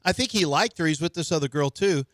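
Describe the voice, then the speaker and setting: A man's voice: fairly high pitch, fast, a bit bright, no room sound, clean studio sound. A middle-aged man co-hosting a sports radio show, rambling playfully through speculative tangents in casual banter.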